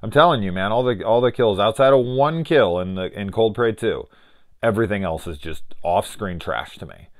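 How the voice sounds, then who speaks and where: Brief: middle-aged male film reviewer, lowish voice, rambling and profane, sarcastic asides. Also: expressive, normal speed. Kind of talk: casual film review rant.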